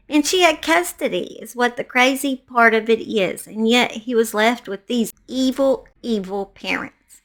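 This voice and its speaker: Bright-voiced chatty Southern woman. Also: a little high. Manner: chatty, blunt, salty-tongued. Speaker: true crime YouTuber. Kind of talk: casual chat to camera. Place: small backyard shed.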